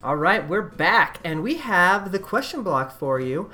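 A woman hosting a casual gaming podcast, easygoing and quick to laugh. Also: fairly low pitch, big pitch swings, pushed and bright, faint music behind. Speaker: podcast host.

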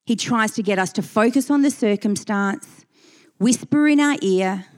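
A woman's voice: medium pitch, normal speed, darkish tone. A woman preaching a sermon, earnest and emphatic, reading scripture and repeating key phrases for weight.

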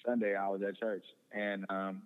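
Young male guest, earnest, stumbling restarts, low voice, phone-thin sound with long reverb. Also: level tone, moderate pace, narrow, tinny audio. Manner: earnest, repeats words and restarts often. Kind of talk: personal testimony in conversation.

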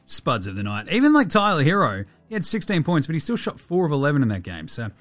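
An Australian man hosting a casual sports podcast, animated, swearing freely and laughing often. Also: on the high side, quick pace, no echo, soft background music. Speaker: podcast host.

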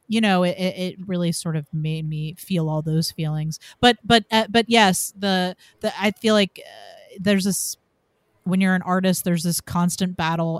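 A woman host with a lowish voice and a plain, dry sound, thinking aloud in a relaxed discussion. She circles back to her point and turns to her co-hosts. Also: no echo. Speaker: podcast host. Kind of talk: casual discussion.

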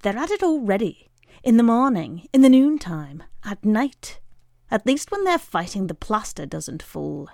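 A woman's voice: medium pitch, very animated, measured pace, vocal fry, mellow, no echo, studio quality. A woman voicing a grumbling old anarchist man. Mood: exasperated. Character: weary old male anarchist neighbor, complaining.

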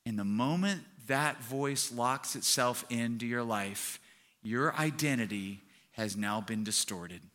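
A man's voice: medium pitch, slow pace, a bit bright. A male pastor giving a conversational sermon, telling a story and acting out quotes.

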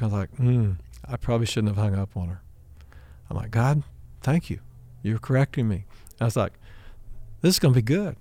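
A man's voice: mid-range voice, warm tone, dry recording. Man preaching a story-filled sermon. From Oklahoma. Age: middle-aged. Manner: acts out dialogue in his stories, raising his voice for the quoted lines. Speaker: pastor.

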